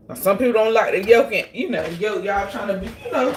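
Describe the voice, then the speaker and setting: A woman's voice: medium pitch, expressive, a little fast, hardly any pauses, a little hiss or hum. A woman chatting casually to her viewers while cooking in her home kitchen for a vlog. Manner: chatty, talks straight to viewers. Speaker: vlogger.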